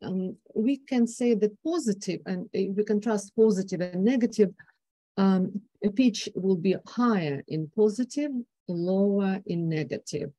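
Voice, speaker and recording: A woman's voice: mid-range voice, unhurried, mellow, no echo. Woman giving a hesitant conference talk. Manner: hesitant, many fillers and restarts. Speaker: conference speaker. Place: conference hall.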